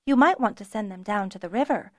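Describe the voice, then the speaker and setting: A woman's voice: mid-range voice, animated, fast talker, darkish tone, no room sound, clean studio sound, lightly acted. A woman voicing a plucky, frank young noblewoman dragonrider with a good-humored manner. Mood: earnest.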